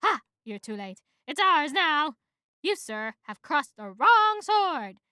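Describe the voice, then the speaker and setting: A woman's voice: high voice, big pitch swings, slow pace, sharp tone, no echo, clean studio sound, pitched above the performer's own voice, exaggerated voice. Woman playing a sly grocery-worker villain. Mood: blustering.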